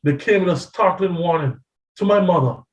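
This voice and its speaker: A man's voice: sits high, normal speed. A man preaching a testimony sermon as a pastor, telling his story dramatically and acting out the voices he quotes. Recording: echoey, from a distance.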